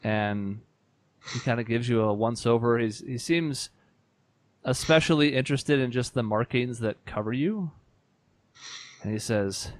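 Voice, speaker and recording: A man running a tabletop role-playing game as game master. He narrates the scene casually and loosely, his voice at a plain middle pitch. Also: a little slow, pauses often.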